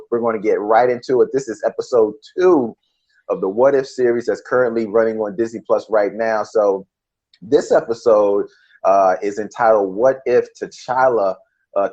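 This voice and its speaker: A man co-hosting a podcast, opening the show with relaxed, friendly patter. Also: fairly low pitch, normal speed. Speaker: podcast co-host. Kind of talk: casual podcast chat. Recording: dull lo-fi recording.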